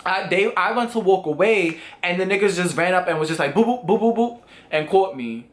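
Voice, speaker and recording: A young man telling a storytime vlog in a casual, animated way, full of swearing and acted-out quotes. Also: high voice, a little fast. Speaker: vlogger.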